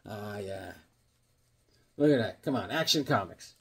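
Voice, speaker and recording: A man's voice: fairly low pitch, lively intonation, unhurried, creaky, long pauses, a bit bright, slightly rough. A man casually chatting to camera, rambling in an easygoing way as he shows his comics and sketches. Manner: rambling, easygoing, chuckling asides. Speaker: comics collector showing his drawings.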